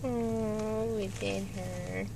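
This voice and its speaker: A woman's voice: medium pitch, fairly even intonation, drawn-out words, creaky, background noise. A woman vlogger unboxing reborn dolls in casual chat, gushing and cooing as she talks.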